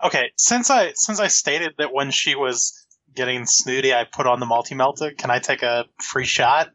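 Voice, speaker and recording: A man's voice: medium pitch, normal speed, pushed and bright, rough recording. A man playing a tabletop role-playing game, blunt and eager for a fight. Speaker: player.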